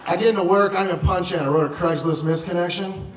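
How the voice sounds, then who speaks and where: A man doing stand-up, telling a story in a loud, punchy way with swearing and acted-out quotes. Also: sits high, fast. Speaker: stand-up comedian. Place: comedy club stage. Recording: roomy club sound with audience noise.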